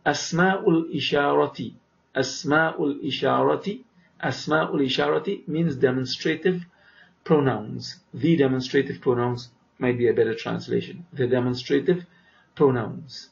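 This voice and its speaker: A man teaching vocabulary, who says each word slowly twice, explains it, and often checks with "right?". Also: mid-range voice, vocal fry. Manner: asks "right?" to check understanding. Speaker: Arabic teacher. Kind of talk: vocabulary lesson. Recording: dull lo-fi recording.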